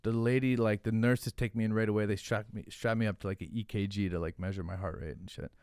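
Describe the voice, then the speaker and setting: Male podcast guest, low register, animated profane storyteller, dry close mic. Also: quick pace, clean tone, no room sound. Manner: animated, profane, filler-heavy, "like" every few words. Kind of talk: casual storytelling.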